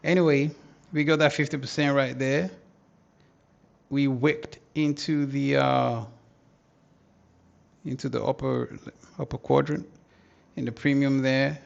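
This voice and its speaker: Slow, gravelly man with slangy chatter. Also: mid-range voice, little pitch movement, dull audio. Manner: slangy, thinks aloud, hums and mutters to himself. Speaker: trading educator, livestream host. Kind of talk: casual live market analysis.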